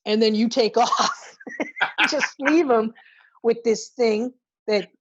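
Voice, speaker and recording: Profane, animated woman podcast host; dull lo-fi audio. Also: fairly high pitch, slow, slightly rough. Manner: animated retelling, profane, acts out characters' lines. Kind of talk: casual movie review chat.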